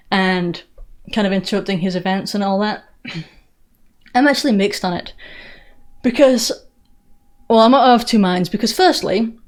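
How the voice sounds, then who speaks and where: A woman from England with a blended English and American Southern accent, doing live-stream political commentary with a sarcastic, mocking manner and frequent restarts. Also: medium pitch. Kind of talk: live-stream commentary answering viewer questions.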